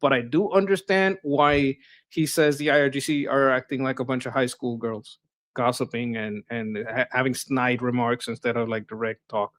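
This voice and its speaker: A man's voice: mid-range voice, fairly even intonation, moderate pace, a bit bright. A man co-hosting a casual political livestream, talking bluntly with swearing and stumbles, sometimes mocking people in put-on voices. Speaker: livestream co-host.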